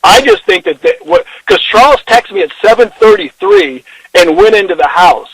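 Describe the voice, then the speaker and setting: A man's voice: sits high, wildly swooping pitch, moderate pace, gravelly, slightly rough, dry recording. A man on a phone call telling a long story emotionally, rambling and acting out what people said. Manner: rambling, restarts, acts out quoted dialogue. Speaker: interview guest. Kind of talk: emotional first-person retelling.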